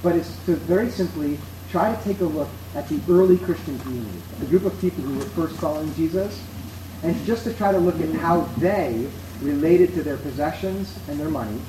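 A man preaching a sermon to a seated congregation, in a measured, conversational way that puts questions to his listeners. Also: a little high, distant mic. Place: church hall with seated congregation. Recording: echoey room, faint background noise.

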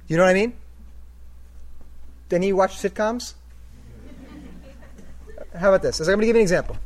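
Preacher, male, high voice, retells a story to a crowd and keeps asking them questions. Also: darkish tone. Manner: conversational, asks the audience questions. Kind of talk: storytelling sermon.

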